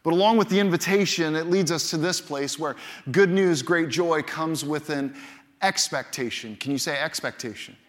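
A man's voice: on the high side, normal speed. A man preaching a sermon as pastor, emphatic and repeating key phrases for effect, in a large church. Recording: long hall reverb from a church.

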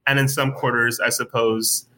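A man talking in a relaxed interview, thoughtful and searching, with many fillers and restarts as he works through his ideas. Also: medium pitch, normal speed, slight background noise, rough recording. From United States. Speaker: guest writer. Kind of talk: casual conversational interview.

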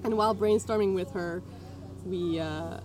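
A woman's voice: fairly low pitch, unhurried, noisy background. A woman who organizes a design community, chatting casually in a podcast and often restarting her words.

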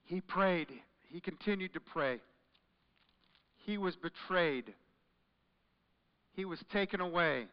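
Pastor preaching in an echoing hall. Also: male voice, sits high, slow pace, pauses often, smooth. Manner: dramatic swings from hushed to loud. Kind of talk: sermon. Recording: muffled recording in a large echoing hall.

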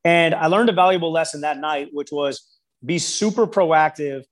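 A man's voice: on the high side, moderate pace. A man who works as a basketball skills coach, telling stories in an interview and acting out the people he quotes. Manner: storytelling, quotes people in lively voices. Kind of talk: interview conversation.

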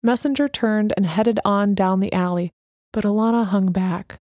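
Woman, audiobook narrator, measured reading, warm tone, dry recording. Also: medium pitch, no room sound.

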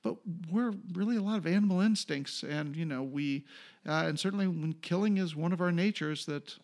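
Middle-aged TV producer guest from North Carolina, gravelly, somewhat high voice, animated storyteller. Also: male voice, brisk. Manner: animated, acts out others' lines. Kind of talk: casual storytelling interview.

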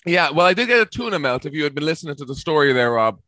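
Bright, dry-voiced Irish man. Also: a little high, racing, no echo. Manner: deadpan mock-serious storytelling. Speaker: comedian guest. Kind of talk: casual podcast chat.

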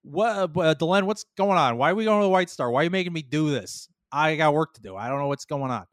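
A man's voice: on the high side, animated, fast, no room sound, studio quality, close to an everyday voice. A man voicing a confused, flustered male captain who fires off complaining questions. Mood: bewildered.

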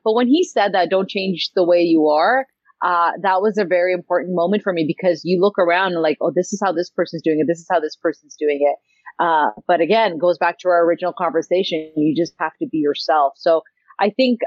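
A woman answering interview questions, telling stories in an animated way and acting out the voices she quotes. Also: fairly low pitch, no echo, lo-fi sound. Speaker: TV host and interviewee.

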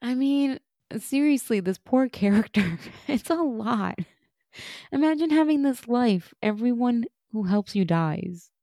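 A woman's voice: fairly high pitch, expressive, unhurried, mellow, no echo, clean studio sound. A woman co-hosting a podcast, chatting casually and laughing often as she recaps a TV episode. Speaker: podcast co-host.

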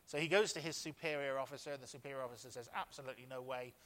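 A man's voice: mid-range voice, rapid-fire, a bit bright. A male pastor delivering a sermon in church, telling a story with frequent restarts before reading scripture.

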